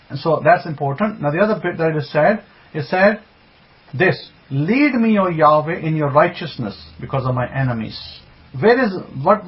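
A man teaching a Bible sermon, emphatic, with rhetorical questions and repeated phrases, greeting online listeners as he goes. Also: a little high. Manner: greets online listeners by name mid-talk. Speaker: religious teacher. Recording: dull lo-fi sound.

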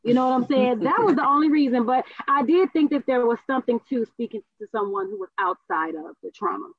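A woman co-hosting a casual talk show, telling stories with animated asides and voice impressions. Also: fairly high pitch, brisk, no echo. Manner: animated storyteller, mimics voices. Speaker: co-host. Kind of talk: casual chat. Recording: tinny phone-like sound.

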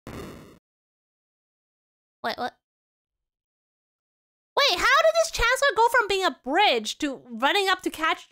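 Excitable woman game streamer, very high, lively delivery. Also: slow pace, long pauses. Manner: chatty, rambling, excitable. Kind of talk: casual game commentary.

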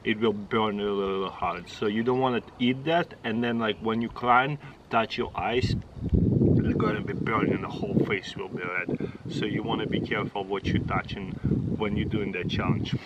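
A man's voice: fairly low pitch, moderate pace, lo-fi sound, heavy background noise. A middle-aged man with a Russian accent, a native Russian speaker, hosting a casual taste-test vlog and chatting in short, exclaiming phrases. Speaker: channel host.

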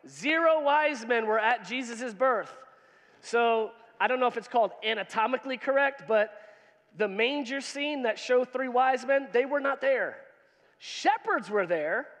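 A man's voice: extremely high pitch, animated, unhurried, fairly bright tone. A man preaching a sermon to his congregation in a casual, joking way, quizzing them and reading scripture. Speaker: pastor. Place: church hall. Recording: long reverb in a church hall.

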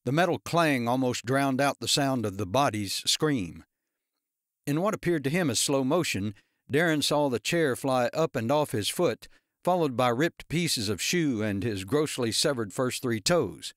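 Steady male audiobook narrator. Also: mid-range voice, no echo, clean studio sound. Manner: steady storytelling. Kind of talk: scripted narration.

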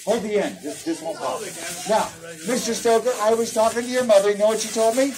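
A woman's voice: fairly high pitch, fairly quick. A woman performing as a clown at a children's birthday party, playful and teasing, laughing often as she jokes with the kids. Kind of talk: comic children's party act. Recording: loud crowd of children around. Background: shouting children.

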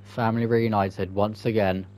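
A man's voice: fairly low pitch, flat delivery, normal speed, darkish tone. A man giving casual gameplay commentary as a channel host, swearing freely and laughing at himself in exasperation.

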